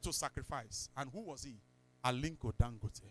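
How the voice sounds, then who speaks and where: A man with a Nigerian accent preaching a sermon in church, telling stories, slipping into pidgin and breaking into sudden shouts. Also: mid-range voice, normal speed, no room sound. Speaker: pastor.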